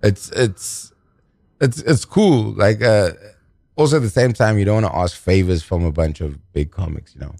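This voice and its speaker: A man with a South African accent talks as a guest in a relaxed podcast. His voice sits low, and he rambles with plenty of laughs and repeated words. The sound is dry and close. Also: moderate pace, gravelly, no echo. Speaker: comedian guest. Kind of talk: casual podcast chat.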